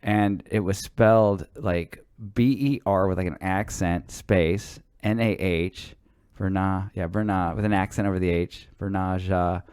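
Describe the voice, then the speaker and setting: Low-voiced guy, teacher, rambling podcast stories, lots of restarts, dry close sound. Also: fairly even intonation, measured pace, a little mellow, clean tone, no echo. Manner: storytelling, stammering restarts, swears casually. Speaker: podcast co-host. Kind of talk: casual chat.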